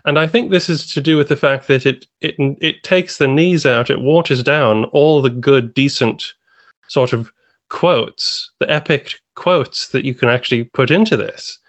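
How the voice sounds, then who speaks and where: A man on a podcast panel, animated in casual chat and laughing as he talks. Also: mid-range voice, unhurried, no room sound. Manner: animated, laughs while talking.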